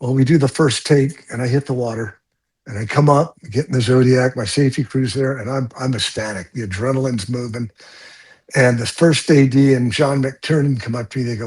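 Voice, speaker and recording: Older man, husky, stunt coordinator, blunt and profane storyteller, interview. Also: medium pitch, moderate pace. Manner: blunt, animated, swears freely.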